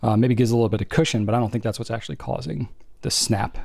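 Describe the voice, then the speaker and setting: A man co-hosting a podcast who rambles and thinks out loud, circling back on himself. His voice sits at a middling pitch, recorded dry and close in a studio. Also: steady tone, fast, gravelly, no echo. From New England. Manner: rambling, thinks aloud with restarts. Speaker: podcast co-host. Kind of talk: casual chat.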